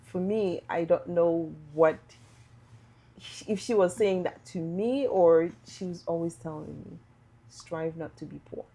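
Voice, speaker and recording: In a casual podcast conversation, a middle-aged woman from Haiti who runs a business talks with a warm, lowish voice at a slightly slow pace. There's a little background noise, and she speaks earnestly, repeating words for emphasis.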